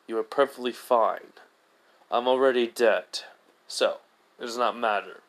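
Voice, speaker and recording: A man's voice: mid-range voice, a little slow, natural voice. A man voicing a stern, weary male warrior god who speaks in a formal, clipped way while telling a fan story. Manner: formal, clipped, calls the boy "boy". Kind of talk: fan story narration with voiced characters.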